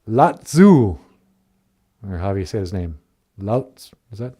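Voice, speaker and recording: A man's voice: sits low, brisk, dark tone. A man hosting a casual live-stream chat, joking in a laid-back way and reading viewer comments aloud. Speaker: show host.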